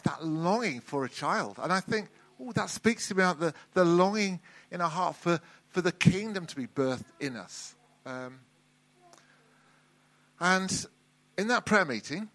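A middle-aged man preaching a sermon in a relaxed, conversational way, often restarting and repeating words. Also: on the high side.

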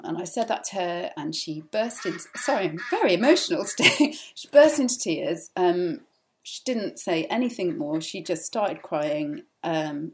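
A woman with a slightly low voice gives an informal teaching talk at church. She speaks earnestly and casually, pausing often on "um" as she tells personal stories. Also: warm tone. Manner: earnest, conversational, many filler ums.

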